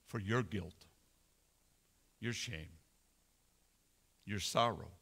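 Pastor guy preaching slow, voice climbs and drops a lot, bright tone. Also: mid-range voice. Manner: slow dramatic preaching, swelling and dropping to near whisper. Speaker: senior pastor. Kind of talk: sermon.

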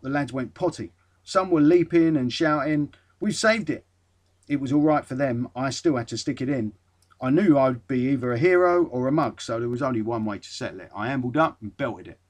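A man's voice: medium pitch, close to an everyday voice. A man reading as a laconic footballer.

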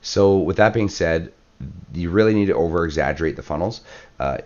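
A man with a very deep voice narrates a strategy game battle in relaxed play-by-play, voice worn hoarse and cracking. He fills gaps with "uh" and "um" and clears his throat often. The recording sounds a little muffled and lo-fi. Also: fairly quick. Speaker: clan war commentator. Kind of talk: gameplay commentary.

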